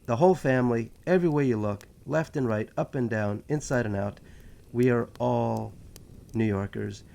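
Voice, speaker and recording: Gravelly New York man chatting. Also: medium pitch, moderate pace, dark tone. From New York City. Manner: chatty, joking, self-aware asides. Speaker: history channel host. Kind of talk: casual rambling monologue.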